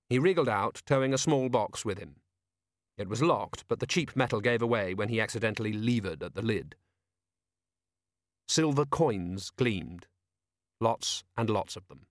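A man reading a comic novel aloud as narrator, wry and measured. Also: on the low side, expressive, no room sound, clean studio sound. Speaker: audiobook narrator. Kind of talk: scripted narration.

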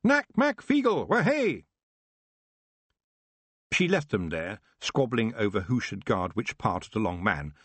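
A man narrating an audiobook with expressive storytelling. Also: fairly low pitch, slightly rough, no echo. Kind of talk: scripted narration.

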